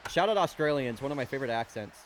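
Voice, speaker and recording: A man's voice: medium pitch, expressive, fast, slight background noise. A man hosting and calling play-by-play for a fake baseball game, chatty and rattling off the action in a casual way. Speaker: play-by-play commentator and host.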